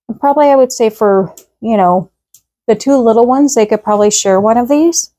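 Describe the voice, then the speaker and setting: A woman's voice: a little high, moderate pace, dark tone. A woman chatting casually as she demonstrates a home recipe in her kitchen, rambling and upbeat with lots of fillers. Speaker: home cooking vlogger.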